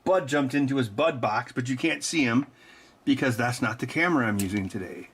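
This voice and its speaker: A man's voice: mid-range voice, fairly quick, fairly bright tone, husky. A man hosting, muttering to himself as he repairs old electronics and teasing his cat between tasks. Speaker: host.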